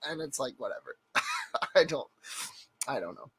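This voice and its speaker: A man's voice: on the high side, huge pitch swings, normal speed, gravelly, bright, forceful tone, breathy edge. A man hosting a casual comedy podcast, rambling and swearing as he tells stories. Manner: rambling, profane, laughing storyteller. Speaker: podcast host.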